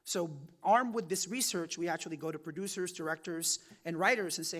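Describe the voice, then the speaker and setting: A man in his forties from the Philippines, an author giving a chatty campus talk that leans on "right?" and "like", his loudness rising and falling a lot. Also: on the high side, a little fast, few pauses, long reverb tail. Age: 40s. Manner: chatty, often tags "right?" and "like", loudness swings widely. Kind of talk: conversational public talk. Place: university event room.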